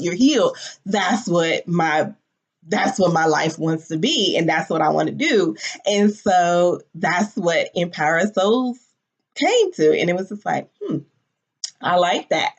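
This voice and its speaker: A woman in her forties telling a personal story candidly and emotionally, with casual swearing. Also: lowish voice. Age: 40s. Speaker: business founder. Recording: dull lo-fi audio.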